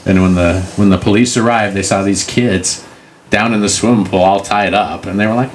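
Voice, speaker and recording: A middle-aged man with a low voice, hosting a casual chat and telling local legends with jokes and silly put-on voices. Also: steady tone, moderate pace. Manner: joking, acts out silly voices in the stories. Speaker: podcast co-host.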